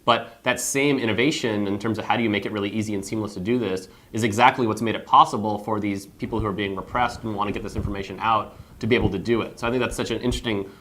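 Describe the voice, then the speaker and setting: A man's voice: on the low side, steady tone, fast talker, hardly any pauses, fairly bright tone. A man chatting casually on a tech panel, talking in long, flowing sentences.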